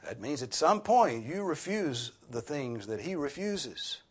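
A pastor delivers a sermon in a husky voice. His delivery is earnest, with lively rises and falls in pitch as he lifts his voice sharply to stress each point. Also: unhurried. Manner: earnest preaching, rising emphatically on key points.

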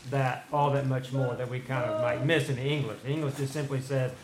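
Halting man explaining, roomy sound. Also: medium pitch, steady tone. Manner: halting, many fillers. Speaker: Bible study participant. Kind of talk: explaining text in group discussion. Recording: roomy with faint noise.

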